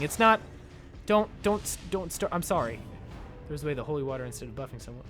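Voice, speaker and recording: Excitable young male game streamer. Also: a little high, fairly quick, soft background music. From United States. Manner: excitable, jokey, squeals when pleased. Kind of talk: casual live-stream chat while gaming.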